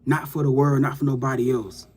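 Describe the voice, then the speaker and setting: A man's voice: medium pitch, steady tone, brisk, slightly rough. A man giving a loose, profane, hyped-up motivational pep talk to his viewers as a livestream host.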